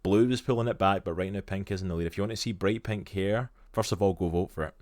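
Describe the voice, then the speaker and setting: A man's voice: sits low, quick pace, a little mellow, no room sound, clean studio sound. A Scottish man co-hosting a live stream, chatty and enthusiastic, in casual talk. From Scotland. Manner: chatty and enthusiastic, with lots of "literally" and "like". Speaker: stream co-host.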